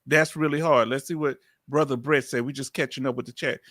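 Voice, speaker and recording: A man's voice: mid-range voice, fairly even intonation, fairly quick, fairly bright tone, no echo, studio quality. A man with a Southern accent hosting a live chat Q&A, asking direct, probing questions in casual slang. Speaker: channel host.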